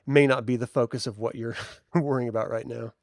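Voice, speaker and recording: Gravelly-voiced male game master. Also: mid-range voice, fairly even intonation, a little fast, dry recording, clean studio sound. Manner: descriptive, laughs easily. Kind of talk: narrating a tabletop game.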